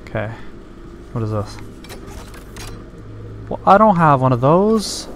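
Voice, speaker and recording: A man's voice: fairly high pitch, sing-song, slow pace, a bit bright, a little hiss or hum. A man giving let's-play commentary while playing a game, nervous and easily startled, breaking into screams when scared. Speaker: gameplay commentator.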